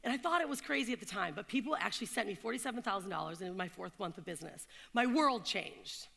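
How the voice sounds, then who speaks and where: Woman, thirties, motivational speaker, bright edgy voice, hall reverb. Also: mid-range voice, fast talker, creaky. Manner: animated storyteller, asks the crowd questions. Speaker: keynote speaker. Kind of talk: motivational talk to an audience. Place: event hall in London.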